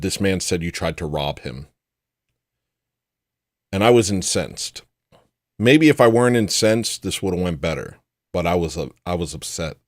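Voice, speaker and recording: A man's voice: deep voice, no echo, studio quality. A man hosting a livestream show, telling a personal story in a casual, rambling way with frequent restarts.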